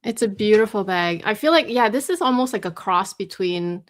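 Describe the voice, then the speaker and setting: A woman's voice: mid-range voice, lively intonation, moderate pace. A woman hosting a live talk show, chatting in a rambling way with lots of fillers and restarts. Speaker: host.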